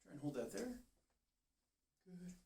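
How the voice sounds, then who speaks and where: A man working as a chiropractor, calmly talking a patient through muscle tests and encouraging her step by step. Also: high-pitched, measured pace, gravelly. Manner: calm, steady, encouraging coaching. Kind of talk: giving instructions during a treatment session. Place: treatment room. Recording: roomy, distant, faint hiss.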